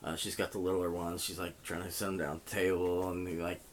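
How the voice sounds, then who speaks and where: A man with a somewhat low voice tells a story his own way, loose and meandering. He swears freely and keeps dropping in fillers. A faint noise sits under the recording. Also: flat delivery, a little fast. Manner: profane, rambling, heavy with fillers. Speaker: vlogger. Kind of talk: casual storytelling.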